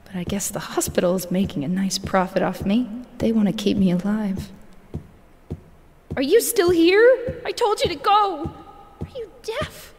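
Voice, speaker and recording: A woman's voice: a little high, lively intonation, measured pace, a little mellow. An actress voicing a bitter, desperate young woman dying in hospital, who lashes out and then begs, in a video game cutscene. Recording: game audio with long reverb.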